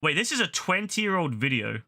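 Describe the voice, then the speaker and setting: A man's voice: a little high, sing-song, normal speed, pushed and bright. A young man chatting casually into a headset while streaming a game, swearing freely and using lots of fillers. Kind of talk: casual gaming stream commentary.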